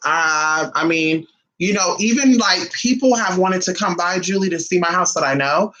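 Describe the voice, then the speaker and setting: A man's voice: high-pitched, expressive, normal speed, a bit bright, low-quality recording. A man vlogging casually, telling family stories in a sassy, flamboyant and profane way. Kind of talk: casual storytelling.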